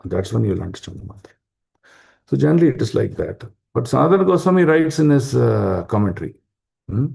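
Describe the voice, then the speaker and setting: Man, informal scripture talk, husky and dark-toned. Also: mid-range voice, big pitch swings, quick pace. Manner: explanatory, asks rhetorical questions, many fillers. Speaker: spiritual class speaker.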